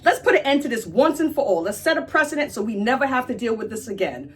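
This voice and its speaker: A woman's voice: on the high side, big pitch swings, quick pace, soft background music. A woman hosting a casual explainer, chatty and irreverent, who swears now and then. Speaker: pop-culture explainer host.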